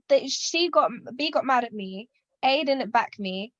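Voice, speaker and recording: A young woman rambles through a story on a podcast and slips into the voices of the people in it. Her voice sits a little high. The sound is dry and a bit dull. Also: normal speed, no room sound. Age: 20s. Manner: rambling, animated, acts out quotes. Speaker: podcast co-host. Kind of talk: casual chat, storytelling.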